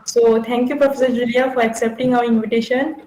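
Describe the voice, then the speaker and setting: A woman's voice: a little high, flat delivery, brisk, dark tone, reverberant, rough recording. A woman hosting an academic webinar, reading a formal introduction of the guest with hesitant fillers. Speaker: webinar host. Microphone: video call.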